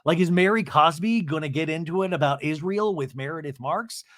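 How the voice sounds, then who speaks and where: A man's voice: on the high side, a little fast, fairly bright tone, no echo. A man hosting a casual TV recap podcast, rambling and thinking aloud with many restarts. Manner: rambling, lots of you-knows and restarts. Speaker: podcast host.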